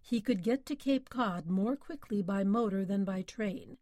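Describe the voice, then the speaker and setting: A woman narrating a classic short story in measured, expressive storytelling. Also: mid-range voice, no room sound. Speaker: audiobook narrator. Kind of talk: scripted narration.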